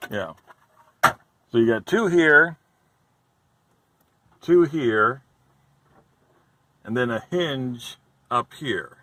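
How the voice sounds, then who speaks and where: A man's voice: mid-range voice, animated, very slow, pauses often, pushed and bright, slight background noise, low-quality recording. A man talking through a car repair as he works, thinking aloud, hesitant and careful with his warnings, recording from inside the car. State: out of breath. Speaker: DIY car repair vlogger. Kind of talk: casual how-to narration while working.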